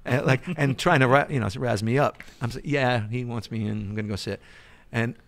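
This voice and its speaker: A middle-aged man with a New York accent, telling an animated story as a podcast guest. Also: mid-range voice, fairly quick. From United States. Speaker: guest musician. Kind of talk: storytelling in casual chat.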